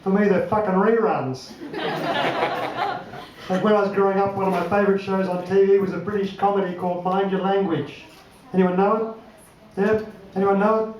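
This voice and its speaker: Older Australian stand-up comic, high voice. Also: male voice, fairly even intonation, a little mellow, distant mic, highs cut off. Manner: wry, swearing, does quick voices for others. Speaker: stand-up comedian. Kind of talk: stand-up comedy set. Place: comedy club stage. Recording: roomy club sound from afar, audience.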